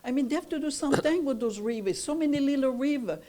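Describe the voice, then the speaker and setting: A woman's voice: sits high, fast talker, dark tone. An older woman from Italy, raised in France, who speaks broken English with a French accent and makes an emphatic complaint as a resident at a community meeting. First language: Italian. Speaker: resident speaking at a public forum. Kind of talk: public comment at a community meeting.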